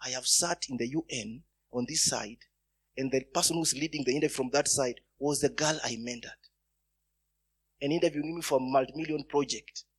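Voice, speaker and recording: A man preaching a sermon, telling stories and breaking into loud bursts of emphasis. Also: medium pitch, brisk, breathy edge.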